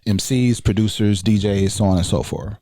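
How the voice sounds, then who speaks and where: A man, talking in a relaxed, casual way as a guest on a podcast interview. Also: fairly low pitch, normal speed, no echo, studio quality. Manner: relaxed, conversational, many fillers. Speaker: guest, education researcher.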